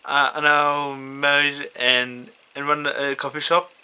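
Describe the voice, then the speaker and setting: Guy reading his fanfic out loud, stumbles a lot, bright clear voice, kinda high. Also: little pitch movement, takes it slowly. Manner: stammering, many restarts and fillers. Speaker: fanfiction reader. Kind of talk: casual fanfiction retelling.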